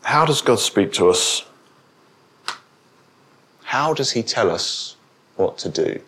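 Male preacher, sermon, slow pace, questions to the congregation. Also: very animated, fairly bright tone, a little hiss or hum. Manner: rises in pitch and volume when quoting, asks the congregation questions.

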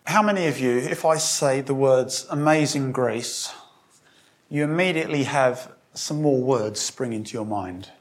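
A man's voice: medium pitch, measured pace. A man preaching a sermon, speaking conversationally to a congregation and reading scripture aloud with emphasis. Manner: conversational with restarts and direct questions to congregation.

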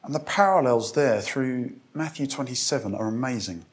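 A man delivering a sermon at a middle pitch, conversational and reflective. He asks the congregation questions and reads scripture aloud with emphasis. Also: moderate pace. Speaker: preacher.

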